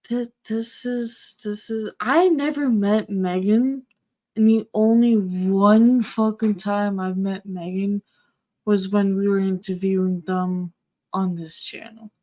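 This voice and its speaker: Slow-talking woman, casual and sweary. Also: mid-range voice, steady tone, mellow. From partly Southern US. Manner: casual, swears a lot, trails off and restarts. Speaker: co-host reviewing an episode. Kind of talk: casual live-stream chat.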